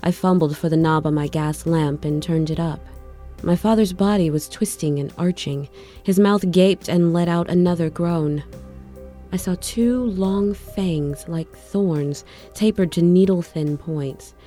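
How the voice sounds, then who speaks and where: Woman storyteller with a warm, fairly low voice; reads expressively. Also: soft background music. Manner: reflective, measured storytelling. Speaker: audiobook narrator.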